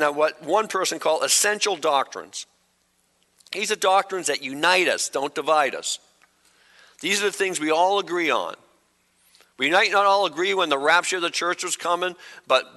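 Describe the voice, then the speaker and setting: A middle-aged pastor preaching a sermon, conversational, with quick humorous asides. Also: male voice, a little high, sharp tone. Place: church sanctuary. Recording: long hall reverb.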